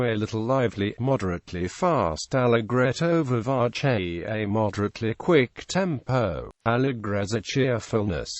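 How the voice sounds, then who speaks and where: A computer-generated man's voice reading out an encyclopedia article in an even, mechanical way. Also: fairly low pitch, dry recording.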